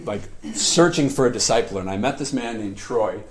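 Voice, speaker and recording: A man preaching a sermon in a lively storytelling way, often laughing as he tells personal stories. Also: on the low side, moderate pace. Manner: animated, laughs often while telling stories. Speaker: pastor.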